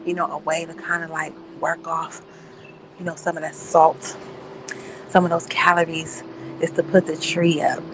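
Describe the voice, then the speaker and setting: Woman vlogger, low gravelly voice, casual profane storyteller. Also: little pitch movement, normal speed, noisy background. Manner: profane, rambling storytelling with loud acted outbursts. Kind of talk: casual chat.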